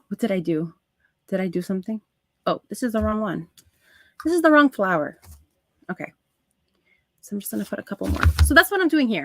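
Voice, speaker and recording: A woman hosting a live crafting stream, chatting to her viewers as she works, with soft asides under her breath. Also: medium pitch, no echo. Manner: talks to chat viewers while working, soft asides. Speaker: craft livestream host.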